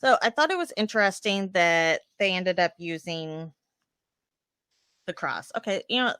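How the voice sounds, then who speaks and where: A woman co-hosting a podcast, chatting casually as she recaps a TV episode, laughing often and thinking out loud. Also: lowish voice, lively intonation, a little slow, clear, resonant tone, dry recording, clean studio sound. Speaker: podcast co-host.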